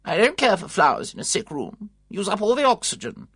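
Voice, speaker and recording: A reader voicing a sharp, disapproving elderly aunt, speaking in a tart, imperious, scornful way. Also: mid-range voice, big pitch swings, fairly quick, slightly rough, no room sound, studio quality, voice pushed up.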